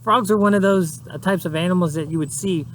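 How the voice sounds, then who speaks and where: A man who teaches at a nature center, greeting kids and starting a casual lesson in a friendly, easygoing way with hesitant pauses. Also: high-pitched, a bit bright, slight background noise.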